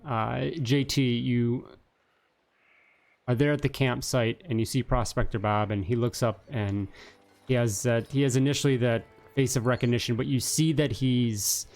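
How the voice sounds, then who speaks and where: A man running a tabletop game as game master, narrating in a halting, relaxed way. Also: medium pitch.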